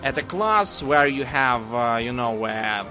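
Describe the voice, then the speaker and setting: A man co-hosting a casual podcast, telling stories slowly with dry humor and many pauses and fillers. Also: medium pitch, lively intonation, sharp tone, soft background music. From Russia. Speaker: podcast co-host. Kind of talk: casual chat.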